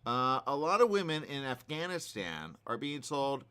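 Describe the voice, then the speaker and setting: A man's voice: medium pitch, a little slow, smooth. A man hosting a radio talk show, giving opinionated news commentary in an emphatic, repetitive way. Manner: animated, emphatic, repeats himself.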